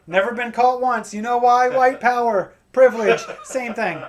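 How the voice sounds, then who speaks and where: Profane energetic male stand-up comedian. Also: very high-pitched, moderate pace, background noise. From Pacific Northwest of the USA. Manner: crude, energetic joke delivery with acted-out quotes. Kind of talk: stand-up set.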